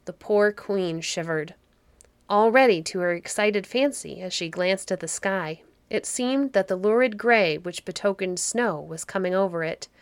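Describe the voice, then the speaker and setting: A woman narrating a fairy story for a podcast in a soft, cozy, unhurried manner. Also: mid-range voice, smooth, no room sound.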